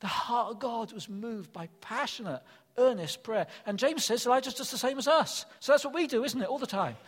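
A man's voice: very high-pitched, a little fast, fairly bright tone, in a large hall. An older man preaching a sermon, earnest and emphatic, repeating his key phrases.

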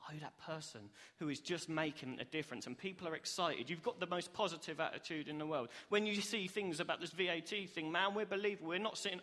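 A young man preaches with earnest, upbeat energy, his voice high and bright. He acts out the reactions he describes. The sound rings with the long reverb of a church hall. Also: quick pace, hardly any pauses. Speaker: preacher, cell group leader. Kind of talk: sermon.

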